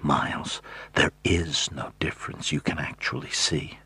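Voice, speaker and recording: Male reader voicing a scared woman, husky hissing whisper, dry close sound, urgent. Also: deep voice, measured pace, dry recording. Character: frightened, insistent small-town woman. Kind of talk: audiobook character voice.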